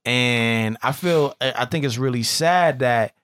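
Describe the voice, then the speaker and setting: Smooth-voiced man chatting casually. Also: mid-range voice, measured pace, dry recording, studio quality. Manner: relaxed, repeats words, slangy. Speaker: podcast co-host. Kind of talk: casual chat about a TV show.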